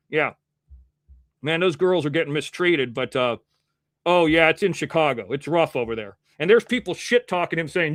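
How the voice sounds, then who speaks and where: A man's voice: high-pitched, a bit bright, no room sound, clean studio sound. A man hosting his own livestream news show, rambling and combative, calling out critics directly, his voice a little muffled by a face mask. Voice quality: slightly muffled from wearing a mask. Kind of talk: casual livestream commentary.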